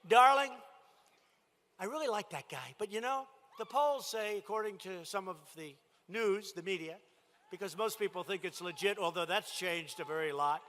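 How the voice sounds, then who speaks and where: A man at a rally putting on the voice of a doubtful female voter, soft and mock-pitying. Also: sits high, normal speed, big-room sound, pitched below the performer's own voice.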